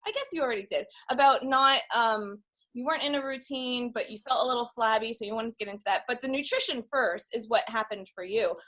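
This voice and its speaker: A woman's voice: on the high side, fast, pushed and bright. A woman hosting a casual interview, chatty and full of fillers and asides. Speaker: host.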